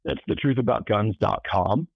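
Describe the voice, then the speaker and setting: A man's voice: lowish voice, moderate pace, creaky, no echo. A man guesting on a podcast, joking dryly and rambling with restarts. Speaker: podcast guest, gun reviews editor. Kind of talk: casual podcast interview. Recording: dull lo-fi mic.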